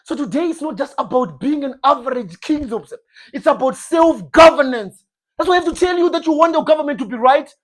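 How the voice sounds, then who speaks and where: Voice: high-pitched, expressive, fairly quick. A preacher giving an informal sermon in an emphatic, repetitive style, often acting out short comic exchanges. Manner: emphatic, repetitive, uses comic role-play.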